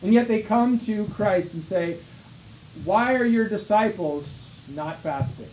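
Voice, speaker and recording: A man's voice: sits high, a little slow, a little mellow. A man with a Canadian accent preaching a sermon as pastor, reading scripture aloud and sometimes mocking the voices of hypocrites. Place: small church hall. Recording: echoey room, faint hiss.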